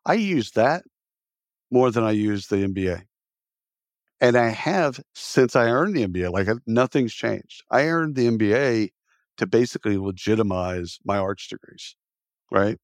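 A man's voice: on the low side, no echo, studio quality. A man in his fifties, a podcast guest telling stories bluntly and acting out what others said. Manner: animated storyteller who acts out quoted speech, blunt and salty. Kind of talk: casual storytelling interview.

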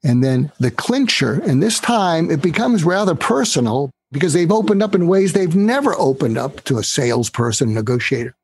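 Husky-voiced man explaining sales tactics. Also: a little high, big pitch swings, moderate pace, hardly any pauses, dry recording. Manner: instructive, acts out quoted dialogue. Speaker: guest author. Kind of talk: podcast interview, explaining sales technique.

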